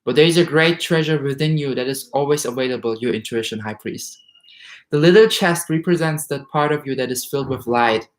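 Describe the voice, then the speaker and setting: A man gives a brisk tarot reading, reading out card meanings and reacting with rising emotion and excitement. His voice is at a middling pitch for a man, and the roomy space makes it echo noticeably.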